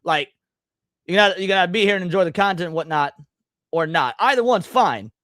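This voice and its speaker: An American man hosting a live reaction stream, ranting with sarcasm and plenty of swearing. His voice runs high, and the recording is dry and close, with no room sound. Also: lively intonation, fast talker, fairly bright tone, dry recording. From United States. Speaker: livestream host.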